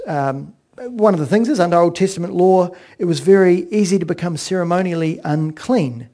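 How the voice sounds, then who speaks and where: A man giving a sermon-style Bible exposition, earnest and explanatory, with frequent pauses. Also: high voice, lively intonation, mellow. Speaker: Bible teacher.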